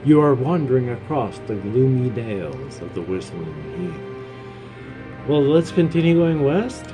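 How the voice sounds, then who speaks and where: A man in his fifties talks through his gameplay in a sarcastic, self-deprecating ramble. He speaks at a slow, unhurried pace and a middling pitch. Music plays clearly underneath him. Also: big pitch swings. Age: 50s. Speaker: gamer. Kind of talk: gameplay commentary.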